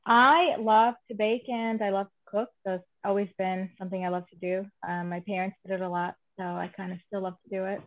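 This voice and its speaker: A woman's voice: medium pitch, brisk, hardly any pauses, no echo. A woman in her thirties, a native Russian speaker from the Caucasus region, chatting as a guest author and telling family stories with laughter. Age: 30s. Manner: chatty, laughing, animated storyteller. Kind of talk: casual interview chat. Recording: dry, phone-like call audio.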